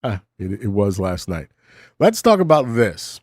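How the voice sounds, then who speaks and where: A middle-aged host with a warm, low voice meanders through a casual late-night stream monologue from his home studio, speaking into a studio mic with a cough button. Very animated yet measured in pace, he often interrupts himself, adds wry asides, and sounds sleep-deprived. The audio is close and dry, with no room sound.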